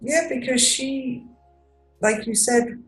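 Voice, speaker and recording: A woman's voice: fairly high pitch, slow pace, reverberant, faint music behind, rough recording. A woman in casual chat, supportive and agreeable, murmuring along as she listens. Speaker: podcast co-host.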